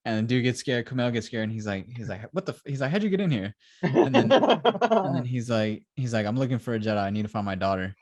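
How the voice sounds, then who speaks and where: Fast and sing-song, a mid-range male voice with a darkish tone comes through without echo. He's co-hosting a laid-back review podcast, telling rambling stories about scenes, performing quotes in "he's like" fashion, with lots of laughter.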